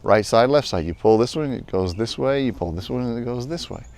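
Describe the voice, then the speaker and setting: A male pastor telling a personal story in a lively way, then turning earnest and reflective as he draws a lesson. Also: mid-range voice, brisk, no echo. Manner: animated storytelling, later calm and earnest. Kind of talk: storytelling devotional talk.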